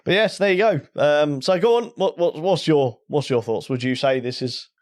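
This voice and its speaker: A man's voice: on the high side, moderate pace, no echo, studio quality. A man hosting a board game podcast, chatting casually, joking and laughing often. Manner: jokey, laughs often, lively ups and downs. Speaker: podcast host. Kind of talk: casual chat.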